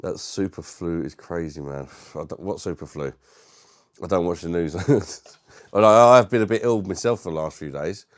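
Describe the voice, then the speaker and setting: Chill british guy on a home livestream, low voice, dry close sound, chatting to viewers, laughs a lot. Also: normal speed, no echo. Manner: laid-back, laughs often, says mate a lot. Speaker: livestream host. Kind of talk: casual live-stream chat reading viewer comments. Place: his dining room at home.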